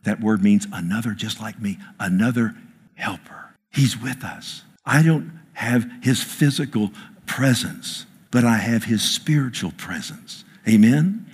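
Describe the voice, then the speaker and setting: Husky guy preaching in church, big emphatic sermon, asks the room for amens. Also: on the low side, measured pace. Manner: emphatic, calls for amens, quotes scripture. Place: church before a congregation.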